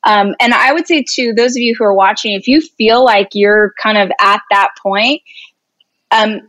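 A woman in her thirties, a guest speaker talking in an animated, expressive way during a casual interview. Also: mid-range voice, moderate pace, no echo. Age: 30s. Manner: animated and expressive, laughs easily.

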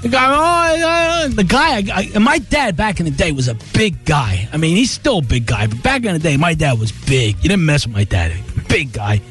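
Animated male radio host telling a story. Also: on the high side, fairly quick, hardly any pauses, soft background music. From New Jersey. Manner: animated, acts out voices in his story. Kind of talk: casual storytelling.

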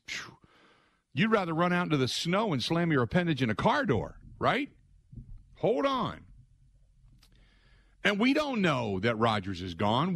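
A middle-aged man hosting a sports radio show, telling stories in an excitable, conversational way and acting out other people's lines. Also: medium pitch, no echo. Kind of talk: animated storytelling monologue.

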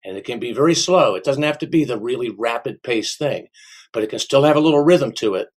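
A middle-aged man, an auctioneer, answering interview questions in an unhurried way, sometimes slipping into a rhythmic auction chant. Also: medium pitch, lively intonation. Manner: unhurried, with restarts and a sing-song auction chant demo. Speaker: auctioneer and small business owner.

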